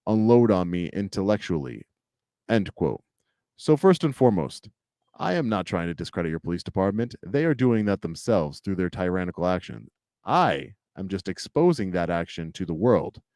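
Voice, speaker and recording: A man's voice: low-pitched, dark tone, no room sound, clean studio sound. A man from Long Island, hosting a commentary video in a sarcastic, lecturing way. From Long Island, New York. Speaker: channel host.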